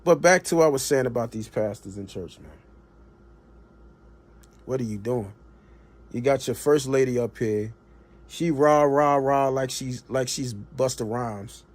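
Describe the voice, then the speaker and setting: A man's voice: medium pitch, a little slow, pauses often. A man, streaming a blunt, colloquial political rant that rises to impassioned emphasis. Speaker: livestream commentator. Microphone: streaming mic.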